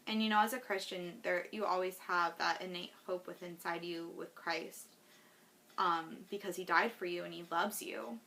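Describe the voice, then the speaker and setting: A woman's voice: lowish voice, steady tone, moderate pace, sharp tone. A woman talking in a personal video diary, earnest and heartfelt, rambling with lots of fillers. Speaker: vlogger.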